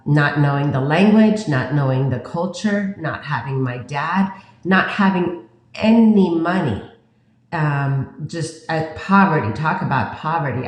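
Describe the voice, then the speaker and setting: A low-pitched, middle-aged woman from Iran is talking in a casual interview. She tells her story earnestly, piling up phrases and restarts. Her voice carries a roomy echo. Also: darkish tone. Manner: earnest, talks in restarts and lists. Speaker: guest.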